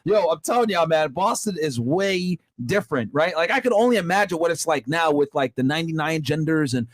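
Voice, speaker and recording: A man hosting a podcast in casual, animated chat, slangy and profane. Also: fairly high pitch, fairly quick, dry recording. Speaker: podcast host.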